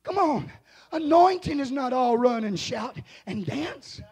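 A man preaching a revival sermon as pastor in a church, hollering in rising shouted refrains. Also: very high-pitched, expressive, unhurried, breathy edge.

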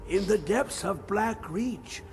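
A rambling, half-mad old hermit scholar from a fantasy video game, his high voice swooping up and down as he drawls out riddles. He drifts between grand pronouncements and hushed whispers, always cryptic. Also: lively intonation, slow pace, slight background noise. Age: older.

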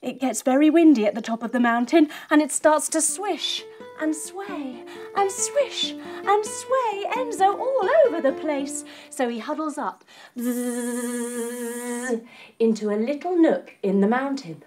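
Playful woman teaching kids yoga, high lively voice, takes it slow. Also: soft background music. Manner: animated, playful, encouraging. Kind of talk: storytelling yoga lesson for children.

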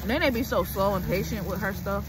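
A young woman vlogging casually to her viewers, telling an exasperated story with animated flair and talking to them directly. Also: mid-range voice, fairly quick, heavy background noise. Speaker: vlogger, mother. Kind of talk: casual vlog chat. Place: in a car, then outdoors at a park.

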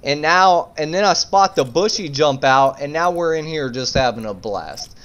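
A man telling a story in laid-back, slangy gameplay commentary, breaking into bursts of excitement. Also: fairly high pitch, normal speed, clean tone. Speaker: gaming YouTuber.

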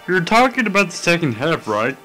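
A man's voice: a little high, brisk, faint music behind. A young man doing a drunken comic dub of game dialogue, heckling and jumpy. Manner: heckling, jumpy, swings from flat to shouting. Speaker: player voicing game dialogue.

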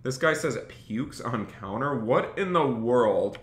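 A bright, forceful male streamer chatting casually to his viewers while playing, thanking donors and growing flustered as orders pile up. The sound is roomy and echoey, with keyboard clicks. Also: medium pitch, lively intonation, slow pace, hardly any pauses, slight background noise. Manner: chatty, reads out viewer donations, gets flustered and overwhelmed. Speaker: gaming streamer. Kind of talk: live-stream commentary while role-playing a restaurant worker.

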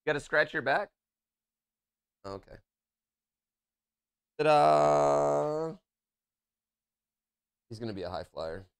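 A man streaming a game from a room at home, chatting in a playful way that swings between low muttering and loud calls. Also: big pitch swings, fairly quick, long pauses, no echo, studio quality. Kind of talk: live gameplay commentary.

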